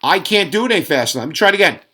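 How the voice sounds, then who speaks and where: A man's voice: high voice, expressive, rapid-fire, bright, forceful tone, slight background noise. A middle-aged man ranting sarcastically in a casual home cooking vlog. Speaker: fitness vlogger. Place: home kitchen.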